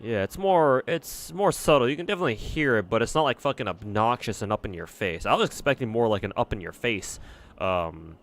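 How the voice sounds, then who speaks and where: A man's voice: mid-range voice, expressive, fairly quick, a bit bright. Rambling, swearing male game streamer. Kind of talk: casual gameplay commentary.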